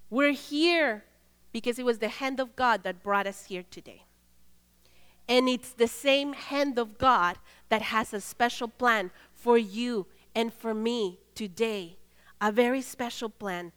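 A woman preaching in a church, telling a story earnestly and swinging between loud and hushed. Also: on the high side, slow, clean tone, in a large hall. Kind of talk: sermon storytelling.

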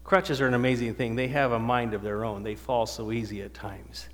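A man's voice: medium pitch, level tone, a little fast. A male preacher giving a sermon to a live audience, often asking them questions and answering them himself. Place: church or meeting hall with an audience. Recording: long hall reverb.

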